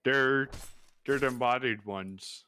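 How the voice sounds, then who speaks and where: A man's voice: medium pitch, drawn-out words, pushed and bright. A man chatting casually as a fellow player, offhand and laid-back. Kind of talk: casual gaming chat.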